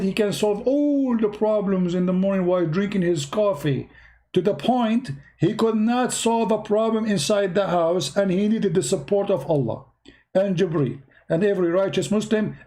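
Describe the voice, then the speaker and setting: A man with a slightly raised pitch and a mellow, warm tone hosts an online commentary. He mocks and jokes straight to his viewers in halting, non-native English full of grammar slips. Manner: sarcastic, mocking, talks directly to viewers.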